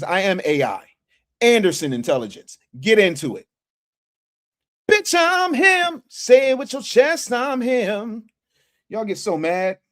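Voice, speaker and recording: A man hosting a casual livestream, talking to his chat in slang and reading out super chats from his office. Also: on the high side. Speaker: livestream host.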